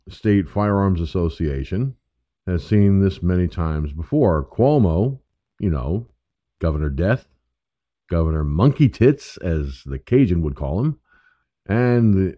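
Deep-voiced and profane, an internet radio host from New York State, USA, launches into an emphatic political monologue. The recording is dull, dry lo-fi audio.

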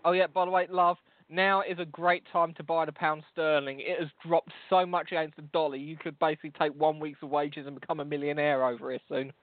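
A man's voice: fairly high pitch, little pitch movement, a little fast, hardly any pauses, no echo. A man with a London accent co-hosting a podcast, teasing and swearing in rambling casual banter. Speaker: podcast co-host. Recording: tinny phone-like line, dry.

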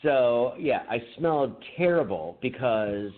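A podcast co-host rambles through a profane story in casual chat, laughing along the way. His mid-range voice is animated and a little slow, heard over a tinny, phone-like line with faint hiss.

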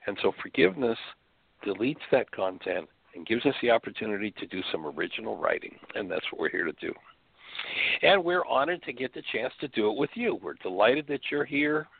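A man's voice: on the low side, very animated, fairly quick, creaky, breathy edge, no echo. A man hosting a spiritual radio show, speaking earnestly from his bedroom over the phone, with rhetorical questions. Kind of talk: spiritual teaching talk. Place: bedroom at home. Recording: phone-line call audio, dry.

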